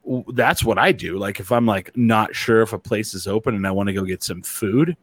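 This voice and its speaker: A man's voice: lowish voice, fairly quick. A man hosting a casual talk show, rambling with many "like"s and restarts. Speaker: host. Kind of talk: casual chat.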